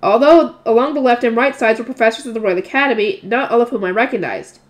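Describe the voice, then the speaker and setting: Reading a light novel aloud at a quick clip, this woman has a voice on the high side. She pauses every so often to make casual remarks, chatting and laughing at herself.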